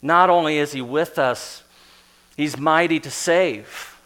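A middle-aged male pastor preaching in an earnest, heartfelt way. His voice sits a little high for a man. He falls to a soft hush at times and rises in emphatic bursts. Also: slow pace. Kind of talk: sermon.

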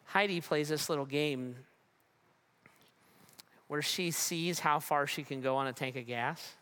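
A pastor preaching a sermon in a conversational way, with humor and frequent restarts. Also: male voice, fairly high pitch, measured pace, bright, forceful tone, smooth.

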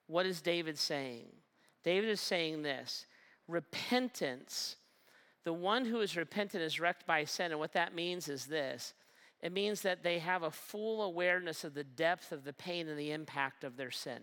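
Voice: medium pitch, measured pace, fairly bright tone, smooth. A pastor preaching a sermon with emphasis, repeating phrases and asking the listeners questions. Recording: long hall reverb.

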